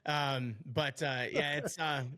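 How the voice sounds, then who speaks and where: A man's voice: a little high, fairly even intonation, slow, sharp tone. A man in his forties hosting a podcast, chatting casually and rambling, laughing often. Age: 40s. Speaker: podcast host.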